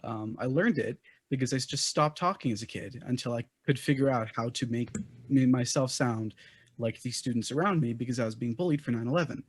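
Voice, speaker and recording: A man's voice: mid-range voice, fairly quick, breathy edge. A man on a podcast panel, speaking candidly and personally with wry asides. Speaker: panel guest. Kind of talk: casual panel discussion.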